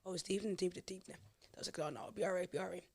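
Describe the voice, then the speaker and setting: Fast-talking woman, chatty guest. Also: fairly low pitch, fairly even intonation, a little mellow. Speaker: podcast guest. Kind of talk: casual conversation.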